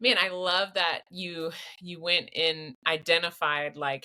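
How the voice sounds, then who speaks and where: A young woman hosting a podcast, chatting in an expressive, storytelling way. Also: fairly low pitch, unhurried. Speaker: podcast host. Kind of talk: casual chat.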